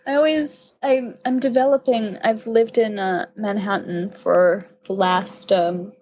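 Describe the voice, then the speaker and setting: A woman's voice: medium pitch, fairly even intonation, unhurried, a little mellow, highs cut off. A young woman from upstate New York, a podcast guest chatting casually, rambling and laughing often.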